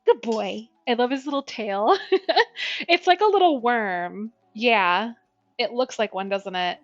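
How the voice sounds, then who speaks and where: A woman's voice: slow, no room sound, highs cut off, faint music behind. A young woman chatting casually through a cooking livestream, talking to her viewers. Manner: chatty, talks to her dog in a high baby voice. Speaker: streamer.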